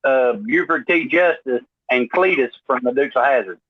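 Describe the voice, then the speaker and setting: A man's voice: mid-range voice, moderate pace, husky, dry recording, muffled recording. A man chatting casually as a podcast co-host, explaining and agreeing. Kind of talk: casual chat.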